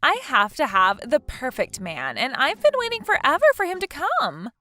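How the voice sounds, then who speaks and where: A woman's voice: high voice, huge pitch swings, normal speed, sharp tone, exaggerated voice. A woman voicing Brandy, gloating husband-stealer. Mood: spiteful. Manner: taunting, gloating, laughs mockingly. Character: smug scheming woman who stole her friend's husband. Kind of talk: text message story dialogue.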